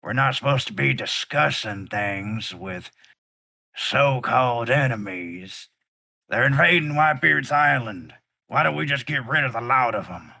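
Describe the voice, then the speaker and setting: A man voicing a very large, gruff male pirate who talks slow and threatening. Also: mid-range voice, lively intonation, sharp tone, no room sound, voice pushed up, heavily acted. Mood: hostile.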